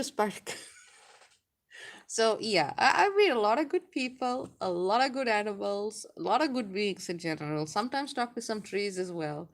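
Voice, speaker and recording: A woman astrologer chatting casually on a live stream, reading out viewer messages, laughing often and speaking warmly. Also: mid-range voice.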